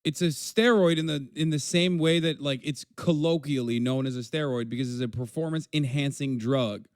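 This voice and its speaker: A man's voice: medium pitch, moderate pace, no echo, studio quality. A man streaming live, reacting to a video and answering his chat in a blunt, profane, casual way.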